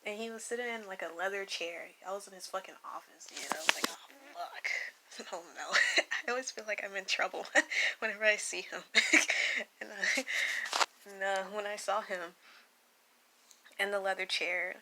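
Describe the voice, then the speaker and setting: A young woman casually telling a personal story to camera, animated and swearing freely, often dropping into hushed whispers. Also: mid-range voice, moderate pace, long pauses, heavy background noise. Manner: animated, profane, laughs often; slips into hushed whispers for emphasis. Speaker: vlogger recounting spiritual experiences.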